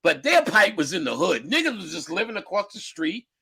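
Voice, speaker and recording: A man with a husky, bright, fairly high voice tells stories in a loose, animated way. He swears freely, laughs often and puts on voices for the people he quotes. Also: fairly quick. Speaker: spiritual lecturer. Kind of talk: casual storytelling talk.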